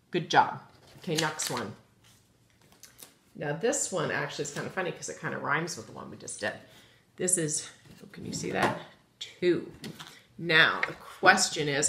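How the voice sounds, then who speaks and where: A woman teaching a phonics lesson to young children, spelling out letters slowly and thinking aloud as she goes. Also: sits low, a bit bright. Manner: patient, slow spelling out of letters; chatty, thinks aloud with fillers.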